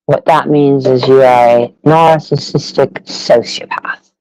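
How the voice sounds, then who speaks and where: A man's voice: medium pitch, fairly even intonation, slow pace, a little mellow, no echo, rough recording. A man hosting a live audio panel, ranting in a rambling, profane, sarcastic way at listeners. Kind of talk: ranting casual monologue.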